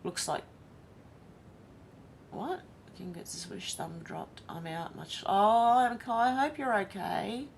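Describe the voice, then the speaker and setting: A woman's voice: on the high side, animated, slow, vocal fry, long pauses, a little hiss or hum. An Australian woman hosting a casual livestream, chatting and reading viewer comments aloud one by one. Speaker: livestream host.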